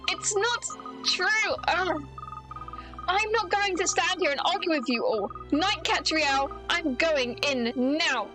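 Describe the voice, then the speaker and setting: A woman's voice: high-pitched, unhurried, music in the background. A woman voicing a haughty young Frenchwoman who gets flustered, with a clumsy put-on French accent.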